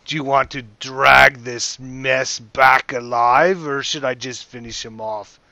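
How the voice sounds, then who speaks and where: A man's voice: mid-range voice, steady tone, takes it slowly, pushed and bright, no echo, heavily acted. A man voicing a scornful half-dragon warrior.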